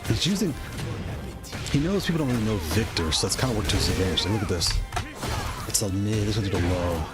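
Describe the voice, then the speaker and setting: Nervous excitable guy doing live fighting game commentary, voice jumps all over, loud music behind. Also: fairly low pitch, fast talker. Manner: nervous, excitable, repeats himself. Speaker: streamer playing a fighting game tournament.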